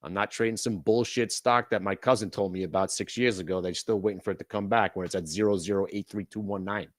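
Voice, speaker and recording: A man hosting a live day-trading room, commenting brashly on trades, swearing casually and swinging from loud outbursts to low mutters. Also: fairly even intonation, fast talker.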